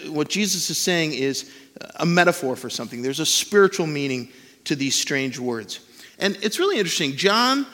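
A man's voice: fairly high pitch, fairly bright tone, big-room sound. A man preaching a sermon in an earnest teaching tone, leaning hard on key words. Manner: earnest teaching tone with emphatic stresses. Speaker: pastor.

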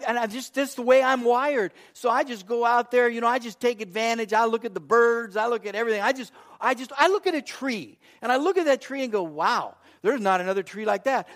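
A man in his fifties delivers a sermon in a notably high voice. He tells personal stories with animated repetition and acts out the lines of others. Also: a little fast, hardly any pauses. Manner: animated storyteller, repeats phrases, acts out quotes. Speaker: pastor.

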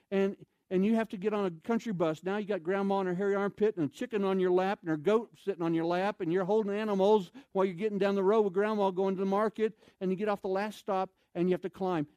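A man preaching in an animated storytelling style, swinging between loud bursts and hushed, low passages. His voice sits somewhat high for a man and is recorded dry and close, and he keeps asking the crowd questions as he acts the story out. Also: no echo. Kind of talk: storytelling sermon.

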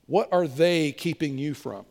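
Animated high-voiced male pastor. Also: measured pace, vocal fry, long reverb tail. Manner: animated storytelling, acting out voices of biblical figures. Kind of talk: sermon.

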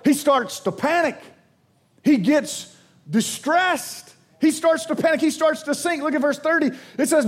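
A young man preaching a sermon in an animated, conversational way, acting out the voices of the people in his stories. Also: high voice. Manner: animated, conversational, acts out quotes.

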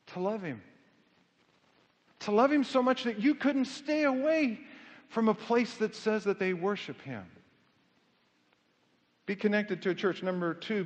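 A middle-aged male pastor preaching a sermon in a church, conversational and self-deprecating, building to fervent emphasis. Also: high voice. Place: church sanctuary. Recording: muffled sound with long hall reverb.

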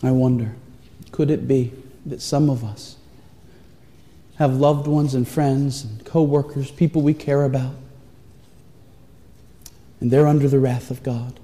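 A man preaching a sermon, telling a story with earnest, pleading warmth. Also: medium pitch, fairly even intonation, unhurried, pauses often. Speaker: pastor. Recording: long reverb of a large hall.

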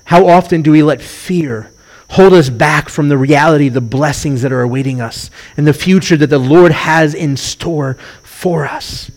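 Animated preaching man, fairly high voice. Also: moderate pace. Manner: animated storytelling, acts out quoted voices. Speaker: rabbi. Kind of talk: sermon.

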